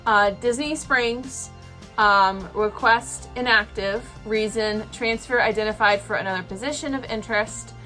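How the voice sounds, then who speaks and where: A woman's voice: a little high, measured pace, sharp tone, soft background music. A young woman telling an emotional personal story to camera, rambling with lots of fillers. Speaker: vlogger.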